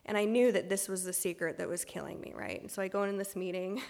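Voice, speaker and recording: Creaky-voiced woman sharing her story in a hall. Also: mid-range voice, fast, a little mellow. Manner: candid and self-deprecating, many ums and restarts. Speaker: speaker sharing her recovery story at a meeting. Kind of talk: personal testimony talk.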